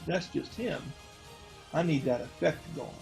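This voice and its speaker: A high-pitched man narrates as game master of a tabletop game. He tells the scene in a loose, joking way, full of fillers, and faint music plays behind him. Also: unhurried, creaky, a little mellow, low-quality recording.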